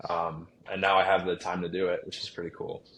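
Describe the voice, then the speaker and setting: A man's voice: sits low, completely flat delivery, fast, fairly bright tone, a little hiss or hum. A young man, a baseball player, talking casually in an interview, rambling with lots of fillers and restarts. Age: young adult. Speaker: guest, pro baseball player.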